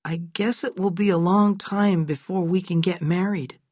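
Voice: mid-range voice, fairly even intonation, moderate pace, darkish tone, husky, no room sound, studio quality, voice pushed up, natural voice. A reader voicing a shy, delicate young boy who talks earnestly.

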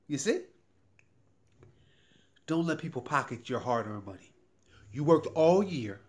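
Guy doing a worked-up pitch to camera, keeps repeating stuff, voice jumps all over. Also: big pitch swings, a little slow. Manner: heated, pleading, repetitive. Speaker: YouTuber promoting a tax service. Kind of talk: direct-to-camera sales pitch.

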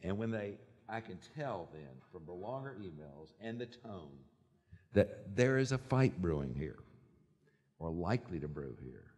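A man on a lawyers' panel explaining in a measured way how he supervises his associates. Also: deep voice, sing-song, a little mellow. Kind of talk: panel talk. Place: conference hall. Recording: long reverb in a conference hall.

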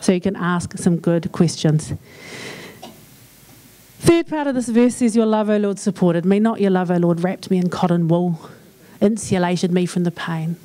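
At a church conference, the New Zealand-accented speaker keeps things humorous and chatty, acting out brief exchanges. Her warm voice sits on the low side, at a moderate pace.

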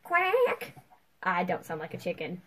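Excitable young woman chatting over gameplay. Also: medium pitch, moderate pace, poor audio. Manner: chatty, excitable, self-mocking. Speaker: gamer. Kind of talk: casual gameplay chat.

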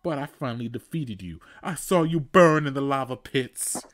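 A man's voice: medium pitch, lively intonation, normal speed, a bit bright, dry recording, voice pushed up, lightly acted. A man voicing an earnest, brave male plumber hero who is the older brother, in a heroic manner.

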